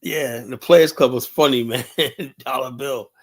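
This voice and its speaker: A man's voice: medium pitch, fairly even intonation, unhurried. A man hosting his own show, mocking clips in casual commentary, laughing often and tagging lines with filler words. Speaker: show host.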